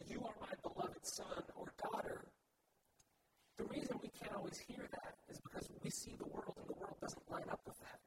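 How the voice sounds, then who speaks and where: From far off the mic, a very high-pitched male pastor delivers an earnest sermon, building each point through repeated emphatic phrases. Loud background noise runs under the recording.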